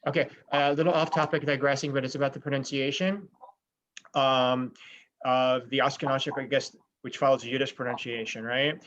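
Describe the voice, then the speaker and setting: A man, a student, asking the teacher a question in halting, hesitant phrases. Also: mid-range voice, fairly even intonation, a bit bright, dull audio, slight background noise.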